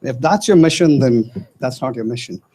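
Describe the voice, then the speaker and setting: Earnest man with a mellow voice. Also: mid-range voice, animated, normal speed. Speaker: guest speaking from the audience. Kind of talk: classroom comment.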